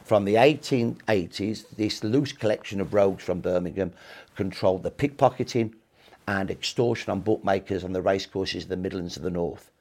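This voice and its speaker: A man's voice: low-pitched, normal speed, a little mellow. A man in his sixties, a historian guest telling history in emphatic, punchy short clauses during an interview.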